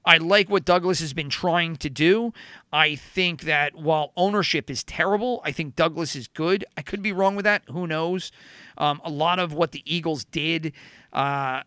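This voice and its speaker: A man's voice: on the high side, normal speed, pushed and bright, smooth, no echo. A man hosting a casual sports betting chat, rambling with lots of fillers and self-corrections. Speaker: podcast host.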